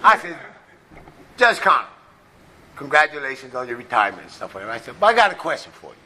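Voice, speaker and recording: Bright-voiced man telling his story. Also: mid-range voice, big pitch swings, fast, a little hiss or hum. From United States. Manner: storytelling, punctuated with "right?". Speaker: recovery meeting speaker. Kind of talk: personal testimony with jokes.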